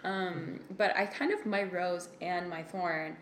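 Lower-voiced woman podcaster, thinking aloud. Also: fairly even intonation, slow. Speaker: podcast co-host. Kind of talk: casual chat. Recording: echoey room, faint noise.

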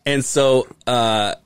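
A middle-aged man hosting a podcast who tells a long story in a casual, animated way, swearing often and laughing as he goes. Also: mid-range voice, clean tone, dry recording. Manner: animated, profane, laughs while telling stories. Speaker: podcast host.

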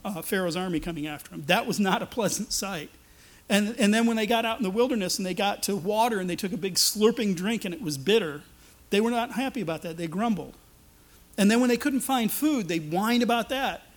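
Emphatic high-voiced male preacher. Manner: emphatic, speaks as God in first person, frequent restarts. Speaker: pastor. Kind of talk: sermon.

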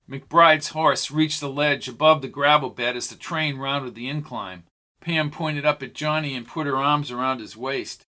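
A man narrating an audiobook in a steady, even storytelling voice. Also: medium pitch, normal speed.

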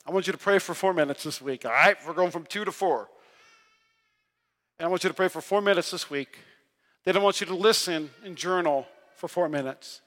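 Bright, high-voiced man preaching a sermon. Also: a little fast. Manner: energetic storytelling with self-deprecating humor. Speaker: pastor. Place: large church hall. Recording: long reverb of a large hall.

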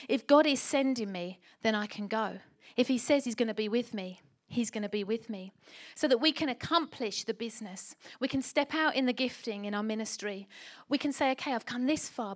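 A middle-aged woman preaches to her church with emphasis and animation, throwing out rhetorical questions. Her voice sits a little high.

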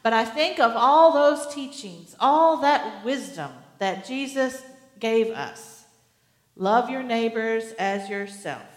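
A woman pastor preaching a sermon in an earnest way, with gentle humor. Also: a little high, lively intonation, slow pace, roomy sound, in a large hall.

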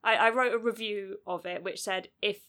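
A woman co-hosting a casual film podcast. She talks in a chatty, blunt way, full of fillers and lively asides. Her voice sits at an ordinary middle pitch. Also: normal speed. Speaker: podcast co-host. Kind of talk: casual film review chat.

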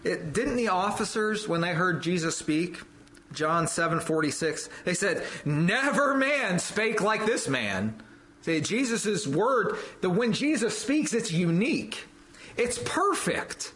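A man preaching a sermon with fervent emphasis, repeating phrases and building to loud peaks on quoted scripture. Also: high voice, sing-song, slow pace, low-quality recording.

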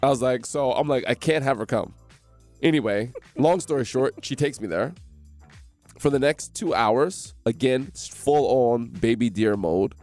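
A man from New Jersey, a guest in a radio studio, telling his story with animated energy and acting out the voices of the people in it. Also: medium pitch, unhurried, soft background music. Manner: animated, acts out quoted voices.

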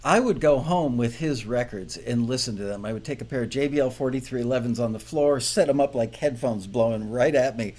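A man hosting a casual show, telling stories about learning to produce music in a relaxed way with fillers. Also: mid-range voice, a little fast, hardly any pauses. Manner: relaxed, storytelling with filler words. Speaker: host. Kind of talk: casual chat about songwriting.

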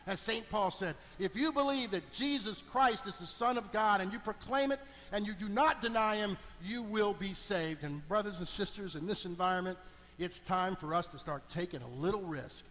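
A middle-aged man delivers a sermon as a deacon, his voice pitched high and ringing out. He drops to hushed asides, then builds to emphatic calls. The church around him adds a long, lingering reverb. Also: moderate pace. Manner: animated, swings between hushed and emphatic.

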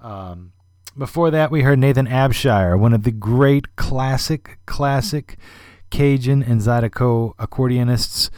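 A man's voice: mid-range voice, a little slow, hardly any pauses, a little mellow, no room sound, clean studio sound. A man hosting a music podcast, talking in a chatty, rambling way with lots of fillers and asides. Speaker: podcast host. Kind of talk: casual radio-style music commentary.

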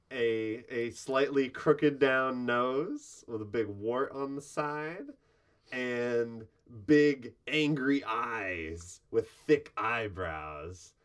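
A man's voice: medium pitch, clear, resonant tone. A man narrating as game master of a tabletop game, describing scenes in rambling, filler-heavy speech.

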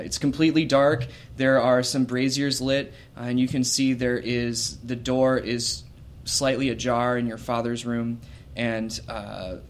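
Male game master, mid-pitched, halting narration with fillers, faint background hiss. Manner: hesitant, many fillers and restarts.

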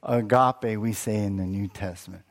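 A man preaching a sermon as pastor, animated, acting out quoted lines with many restarts. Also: on the low side, moderate pace.

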